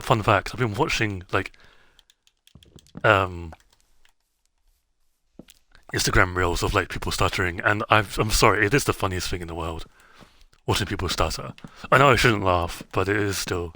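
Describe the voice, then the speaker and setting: A man's voice: on the low side, normal speed, long pauses, sharp tone, dry recording. A man streaming a game, chatting casually in a rambling way, with many fillers and self-interruptions. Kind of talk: casual gameplay chat.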